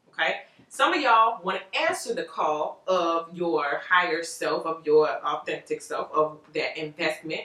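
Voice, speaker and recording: A woman giving a casual tarot reading to viewers, animated and rambling, with frequent laughs. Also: on the low side, recorded from a distance. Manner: animated, chatty, loose and rambling, laughs often. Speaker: tarot reader. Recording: roomy echo, voice off-mic.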